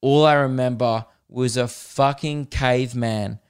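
A young man, hosting a podcast and telling a comedic story in an animated, swearing way, laughing at his own jokes. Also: mid-range voice, measured pace, clear, resonant tone. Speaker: podcast host.

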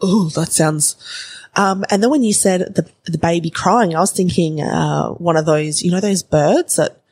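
A woman hosting a podcast, chatty and quick to react. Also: on the low side, darkish tone, husky, dry recording. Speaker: podcast host. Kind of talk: casual podcast chat.

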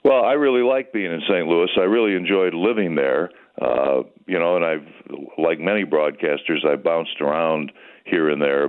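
An older American man with a strikingly deep, low voice calls in as a guest on a radio show over a thin, phone-like line. He talks in an easygoing, rambling way, like a veteran sportscaster swapping stories.

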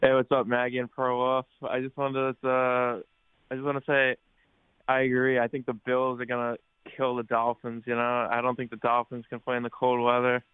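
A man calls in to a sports talk show, halting and stammering. His delivery is flat and his voice is smooth, heard through a tinny phone line. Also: medium pitch, dry recording. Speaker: caller. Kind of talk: phone-in call.

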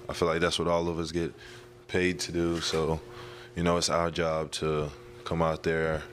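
Brief: young male athlete, very low monotone voice, relaxed interview answers. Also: normal speed, a little hiss or hum. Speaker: interviewed basketball player.

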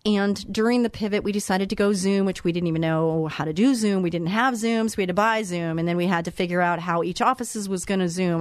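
A woman's voice: fairly low pitch, dry recording, studio quality. A middle-aged woman hosting a show, giving an earnest, emphatic motivational monologue that repeats phrases for effect. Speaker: host.

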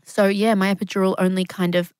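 Woman telling a lively story. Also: medium pitch, fast, clear, resonant tone, no echo. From Australia. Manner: animated storyteller, acts out quotes, swears casually. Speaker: guest. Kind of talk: casual storytelling interview.

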